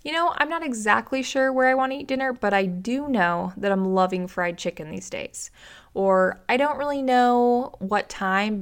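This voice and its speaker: Animated woman coaching on relationships. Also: on the high side. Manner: lively, animated, acts out little quoted dialogues. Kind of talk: solo podcast monologue.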